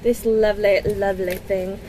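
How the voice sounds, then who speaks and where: A woman in her twenties, gushing and excitable in a casual unboxing vlog at home, with gasps and squeals. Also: medium pitch, moderate pace, slight background noise. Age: 20s. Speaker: book vlogger.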